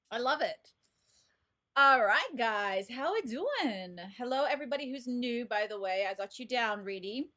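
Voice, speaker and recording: A woman's voice: fairly high pitch, pushed and bright. Bubbly chatty woman streamer. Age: 30s. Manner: bubbly and chatty, greets viewers by name. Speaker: livestream host and oracle card reader. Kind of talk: casual live-stream chat. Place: home office desk.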